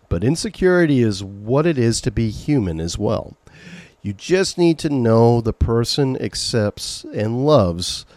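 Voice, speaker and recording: Slow, low-voiced man musing on dating. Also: warm tone, no room sound. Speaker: dating advice host. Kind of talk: reflective monologue on relationships.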